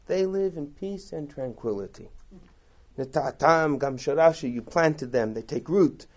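A man's voice: fairly high pitch, a little slow, a little mellow, lo-fi sound. A man, a rabbi, giving a text study lecture, asking rhetorical questions and reciting verses, then translating them. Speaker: rabbi teaching a class.

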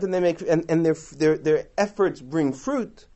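A man's voice: on the high side, normal speed, few pauses, mellow. A man, a rabbi, giving a text study lecture, asking rhetorical questions and reciting verses, then translating them. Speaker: rabbi teaching a class.

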